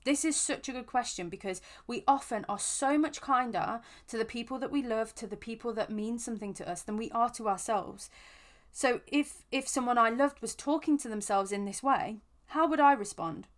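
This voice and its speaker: A woman's voice: fairly high pitch, normal speed. Earnest woman giving self-help advice. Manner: gentle, earnest, with frequent restarts and repeated words. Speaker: podcast host. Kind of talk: reflective self-help talk.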